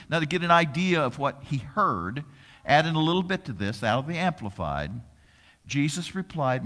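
A man preaching a sermon, reading scripture aloud with dramatic, drawn-out emphasis and rhetorical questions, in a large hall. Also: mid-range voice, big pitch swings, a bit bright. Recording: long hall reverb.

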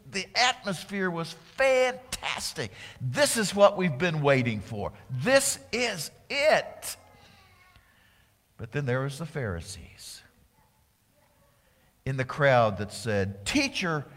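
A male pastor delivering a dramatic sermon in a church, swinging from loud exclamations down to whispers. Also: sits high, long reverb tail.

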